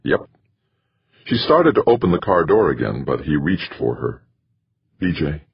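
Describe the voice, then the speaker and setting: A man narrates an audiobook in a deep, very husky voice, measured but expressive. His pitch moves lively through each sentence. The recording is dry and slightly dull. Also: no echo. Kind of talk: scripted narration.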